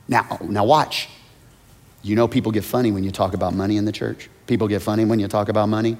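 A man preaching a sermon as a pastor, swinging between hushed, almost whispered asides and loud, high-pitched shouts. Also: fairly even intonation, fast. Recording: long hall reverb.

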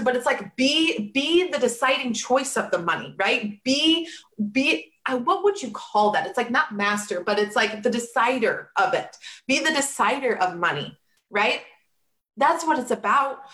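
A woman with a fairly high voice delivers a motivational talk, hammering her points home through repetition. She speaks to her listeners directly, calling them y'all. Her voice rings out in a noticeably echoey room. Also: animated, normal speed, fairly bright tone.

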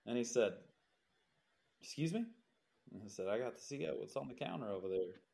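A man's voice: lowish voice, very fast, creaky, dark tone. A man co-hosting a podcast, telling a jobsite story in casual chat and laughing as he goes. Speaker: podcast co-host, builder.

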